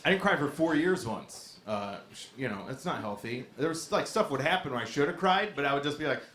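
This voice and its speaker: A man doing a stand-up set in a comedy club, with a low-key, deadpan delivery. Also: fairly quick. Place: comedy club stage with a laughing audience. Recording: echoey club with audience noise.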